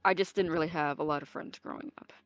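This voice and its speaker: A woman playing a tabletop role-playing game, speaking haltingly with many restarts. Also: sits low, steady tone, no echo, soft background music. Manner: hesitant, halting, full of restarts. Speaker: player. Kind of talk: tabletop role-play chat.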